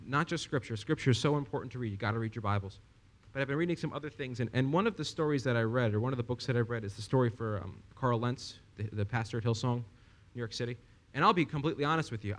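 A young man preaching a sermon, telling a story with lively asides and rhetorical questions to the congregation. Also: medium pitch.

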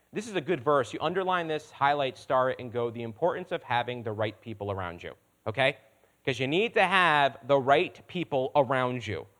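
A man preaching a sermon in a conversational way, checking in with his congregation and swinging between quiet asides and loud emphatic lines. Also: a little high. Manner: conversational, asks the room for responses. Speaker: pastor.

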